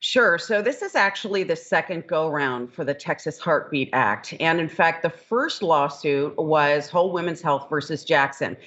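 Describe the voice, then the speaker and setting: A woman legal scholar, interviewed as a guest, explaining court matters in a measured, precise, lawyerly way. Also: low-pitched, lively intonation, fairly bright tone, lo-fi sound.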